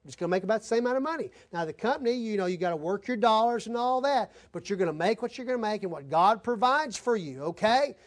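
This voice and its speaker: A man's voice: sits high, expressive, fast, few pauses. A man preaching a conversational sermon to his congregation, telling stories and talking straight to the folks in the room. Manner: conversational preaching, addresses folks directly, tells anecdotes. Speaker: pastor.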